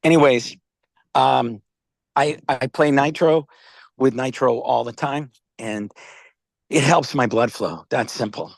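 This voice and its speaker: Rambling older New man, gravelly. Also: medium pitch, takes it slowly, long pauses, no echo. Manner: rambling storyteller, repeats words, says "okay?" and "all right?" often. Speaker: company founder pitching wellness products. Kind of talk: casual video-call chat.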